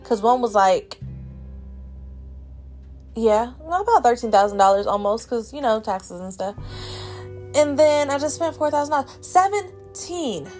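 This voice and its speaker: A woman's voice: fairly high pitch, animated, normal speed, pauses often, darkish tone, faint music behind. A woman in her twenties hosting a podcast, telling a story in a blunt, profane, exasperated way. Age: 20s. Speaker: podcast host. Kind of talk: casual storytelling monologue.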